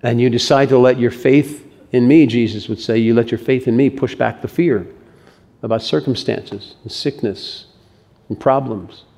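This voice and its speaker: Male pastor mid-sermon, expressive delivery with rises and quiet drops. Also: mid-range voice, moderate pace, creaky. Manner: animated preaching, swings from loud to hushed.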